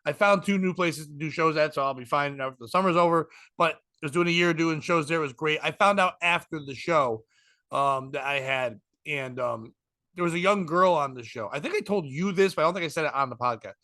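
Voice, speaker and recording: A man's voice: a little high, brisk, pushed and bright, no echo, clean studio sound. A man, a stand-up comic hosting a podcast, rambling through a story with profanity and acted-out quotes. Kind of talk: casual storytelling chat.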